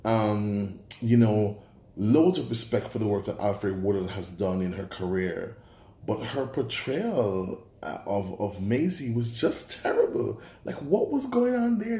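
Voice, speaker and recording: A man's voice: medium pitch, roomy sound. A man with a Jamaican accent giving a casual, exasperated review of a TV show, now and then slipping into patois. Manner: animated, exasperated, drops into patois.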